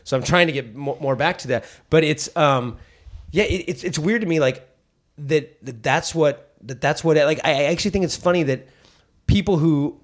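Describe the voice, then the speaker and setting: A man, a comedian, telling a road story in casual podcast chat and acting out the quotes with big jumps in pitch. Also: moderate pace. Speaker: comedian guest.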